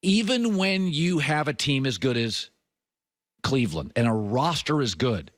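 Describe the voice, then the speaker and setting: Animated male sports talk host. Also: unhurried, no room sound, clean studio sound. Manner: emphatic, swings between high punchy lines and low confiding tones. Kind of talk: opinionated sports commentary monologue.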